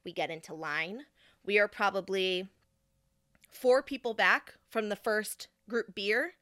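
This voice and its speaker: A woman's voice: medium pitch, unhurried, dry recording, studio quality. A young adult woman hosting a podcast, telling a story in a casual way and acting out the people in it. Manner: animated, quoting people in put-on voices. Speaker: podcast host.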